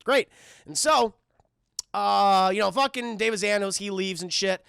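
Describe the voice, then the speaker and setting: A young man streaming a casual, profane cartoon recap to his live chat, rambling and slipping into quick voices for the characters. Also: sits high, vocal fry, fairly bright tone, smooth, dry recording, studio quality.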